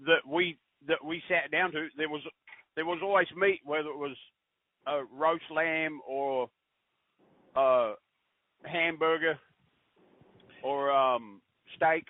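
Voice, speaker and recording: A middle-aged man from New Zealand telling rambling family stories in casual chat, with halting restarts. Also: a little high, steady tone. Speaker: podcast guest. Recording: tinny phone-line audio.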